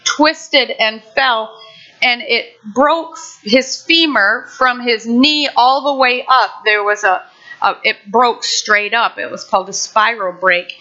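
A woman's voice: a little high, bright, forceful tone. An older woman pastor giving a heartfelt, conversational sermon with many restarts. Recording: muffled lo-fi recording.

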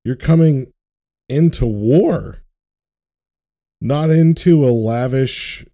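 A man's voice: mid-range voice, slow, dark tone. A young man in casual podcast chat, ranting with profanity and passion about his faith.

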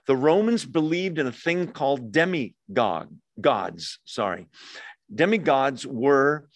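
A man's voice: fairly bright tone, dry recording, studio quality. A man leading a Bible study, teaching through the text verse by verse in a conversational way, asking questions and answering them himself. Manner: conversational, asks and answers his own questions; acts out quoted lines with raised pitch.

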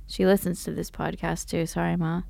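A young adult woman hosts a comedy podcast and tells candid stories full of acted-out quotes. Her voice carries a gravelly fry. It sounds dry and close to the mic. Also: fairly low pitch, little pitch movement, normal speed, mellow, dry recording. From raised by a Russian mother. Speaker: podcast host. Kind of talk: casual comedic chat.

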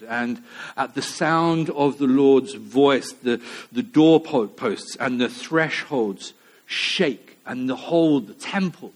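Sex: man. Role: pastor. Style: sermon. Pitch: medium. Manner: impassioned, from loud emphasis to quiet hush. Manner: impassioned preaching that swings from loud to hushed, with repeated phrases.

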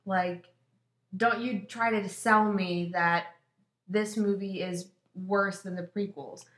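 A woman's voice: medium pitch, steady tone, takes it slowly, fairly bright tone. A woman co-hosting a podcast, chatting in an emphatic, opinionated way. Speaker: podcast co-host. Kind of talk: casual chat. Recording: roomy echo.

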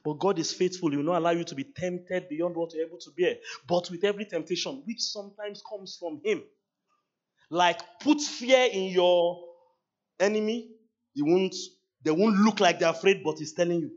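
A man preaching a sermon at a church service, animated, laughing often and acting out dialogue with God. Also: high voice, moderate pace, lo-fi sound. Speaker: pastor.

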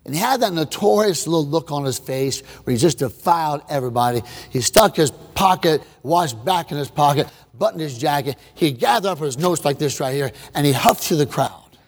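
A male preacher tells his story with theatrical swings from loud shouts to near whispers, stopping to quiz the crowd. His voice sits high for a man. The sermon echoes with a long reverb in a big hall. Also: expressive, moderate pace. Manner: dramatic, swings from shouting to hushed, asks the crowd questions.

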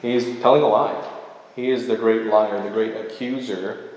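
A man's voice: on the low side, fairly even intonation, normal speed, darkish tone. A man preaching a sermon, reading scripture verses aloud and stopping to explain them line by line. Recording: very echoey hall with long reverb.

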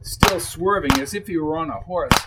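A man narrates a crime novel in a steady, measured reading. His voice sits a touch higher than most men's. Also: very noisy. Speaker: audiobook narrator. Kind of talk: scripted narration.

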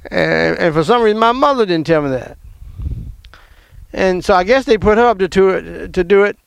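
A middle-aged man from the American South telling a personal family story in an emphatic, animated way. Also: sits high, normal speed, vocal fry, smooth, dry recording.

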